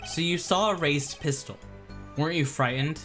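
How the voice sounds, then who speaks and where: A woman's voice: deep voice, moderate pace, fairly bright tone, soft background music. A woman reading an earnest young male lawyer. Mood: questioning.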